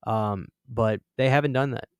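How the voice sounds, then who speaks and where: A man's voice: medium pitch, normal speed, smooth, no echo, clean studio sound. Chatty man telling a rambling story. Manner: rambling, chatty, acts out quoted voices. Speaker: horror channel host. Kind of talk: casual storytelling to a live stream audience.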